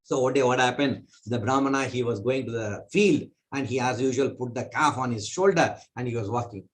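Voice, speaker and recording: A man teaching a spiritual class, telling a parable in an animated way. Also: a little fast. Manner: animated, pitch jumping between voices.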